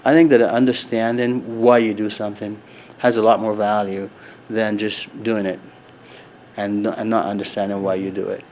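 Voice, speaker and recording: A middle-aged man with a fairly low voice, talking in an earnest, measured way and often restarting his sentences. Faint background noise sits under his voice. He sounds like an executive answering questions in a casual interview. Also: little pitch movement, a little mellow. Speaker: resort executive, interview guest. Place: convention floor.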